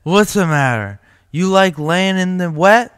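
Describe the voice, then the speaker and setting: A rambling drunk man who scolds in a loose, sloppy way, sitting a little above his reader's usual pitch. A man puts him on. The sound is dry and close. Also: animated, unhurried, fairly bright tone, clear, resonant tone, no room sound. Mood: scolding.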